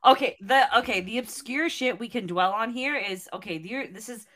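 A woman's voice: fairly high pitch, normal speed, fairly bright tone. Southern woman picking at plot holes. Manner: hesitant restarts, earnest nitpicking. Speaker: podcast co-host. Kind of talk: casual chat.

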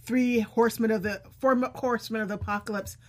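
A woman's voice: on the high side, fairly even intonation, fast. A woman co-hosting a casual TV review chat, who speaks emphatically and chimes in with her own reactions. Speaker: podcast co-host.

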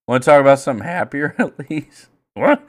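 A man co-hosting a casual podcast, talking in a profane, excitable way and breaking into loud rants. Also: fairly high pitch, a little fast. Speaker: podcast co-host.

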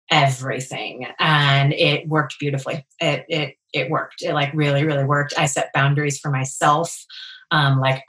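A woman in her thirties speaks as an interview guest. Her voice sits notably low. She talks candidly and casually, leaning on "like" and "um" as she goes. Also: fairly bright tone, rough recording. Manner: open and chatty, many fillers like "like" and "um". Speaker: guest, entrepreneur.

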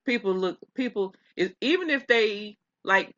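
Bright-voiced chatty woman, lo-fi. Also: medium pitch, lively intonation, unhurried, no room sound. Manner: rambling, chatty, laughs often, many restarts. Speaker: podcast co-host. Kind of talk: casual celebrity gossip chat.

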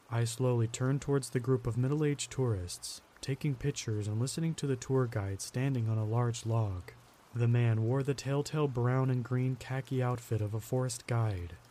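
A man narrating a first-person horror story in a steady, grim storytelling manner. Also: medium pitch, a little hiss or hum.

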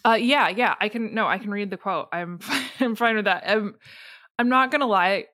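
A woman's voice: mid-range voice, normal speed, bright, forceful tone, no room sound, studio quality. A woman co-hosting a podcast, chatting casually with sarcastic asides and frequent laughter. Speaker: podcast co-host.

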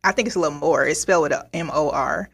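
A woman's voice: deep voice, quick pace, vocal fry, husky. A woman co-hosting a casual podcast, talking in a sassy, teasing, chatty way. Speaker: podcast co-host. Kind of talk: casual chat.

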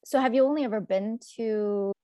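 A woman's voice: a little high, moderate pace, warm tone, no room sound. A woman from California with an American accent in casual chat on a video call, friendly and curious, with many fillers.

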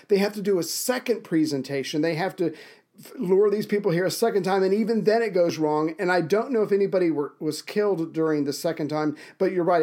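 A man's voice: fairly high pitch, a little mellow. A man co-hosting a history podcast, riffing and swearing in casual chat. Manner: profane, riffs and retells events with acted-out asides. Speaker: podcast co-host.

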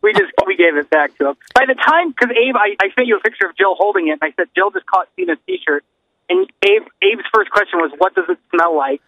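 Lively, high-pitched man on a thin line. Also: fairly quick, dry recording, lo-fi sound. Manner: easygoing, musing, wide-ranging intonation. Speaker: podcast co-host. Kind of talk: casual comedic chat.

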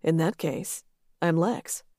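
A woman reader voicing a confident, flirtatious male executive with a calm, amused drawl. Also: low voice, takes it slowly, no room sound, studio quality. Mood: assured.

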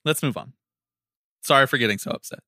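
A man co-hosting a casual sports chat, ranting in an animated way, swearing and laughing often. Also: medium pitch, brisk, dry recording, clean studio sound. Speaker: podcast co-host.

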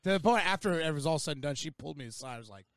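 A man's voice: on the high side, very fast, fairly bright tone, no echo, studio quality. A man chatting casually as a podcast co-host outdoors, laid-back and profane, laughing often. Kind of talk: casual chat.

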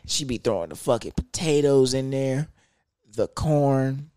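A man's voice: medium pitch, unhurried, dark tone, clean tone, no echo. A young man telling a profane, slang-heavy story rant.

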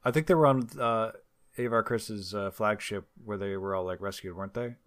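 A relaxed male podcast co-host with a lowish voice, chatting about a favorite book. He talks loosely, pausing and searching for words now and then. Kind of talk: casual fan discussion.

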